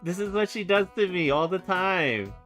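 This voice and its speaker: A man's voice: sits high, expressive, normal speed, fairly bright tone. A man streaming casually, laughing often and teasing, stumbling over his words. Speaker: streamer and illustrator. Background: background music.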